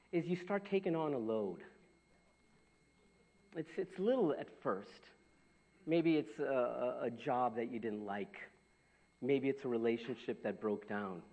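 A man preaching a sermon as pastor, telling stories with lots of restarts and repetition. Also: medium pitch. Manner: animated storytelling with repetitions. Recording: dull lo-fi sound.

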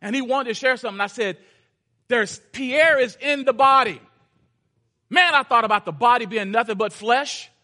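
A man preaching a sermon, telling a story and shifting between loud urgency and hushed, intense passages. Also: very high-pitched, normal speed. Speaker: pastor.

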